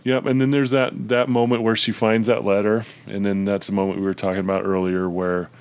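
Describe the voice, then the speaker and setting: Male co-host, low and easygoing, casual film chat. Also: little pitch movement, brisk, darkish tone, clean tone. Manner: easygoing, lots of agreeing fillers. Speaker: podcast co-host.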